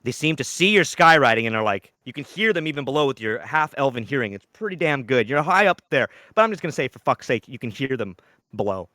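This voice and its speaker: A man's voice: mid-range voice, lively intonation, quick pace, bright, forceful tone, no echo, studio quality. A man narrating a live tabletop game as game master, swearing and laughing as he tells the story.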